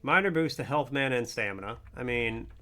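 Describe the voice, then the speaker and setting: A young man streaming a game, chatting playfully and breaking into mock-heroic shouts. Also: mid-range voice, expressive, brisk. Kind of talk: casual gameplay commentary.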